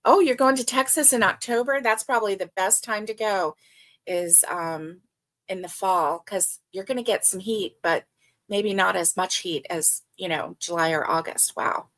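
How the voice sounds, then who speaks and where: At a normal pace and medium pitch, an older livestream host works through viewer comments, reading them aloud. Her manner is casual, friendly and chatty, with lots of filler words.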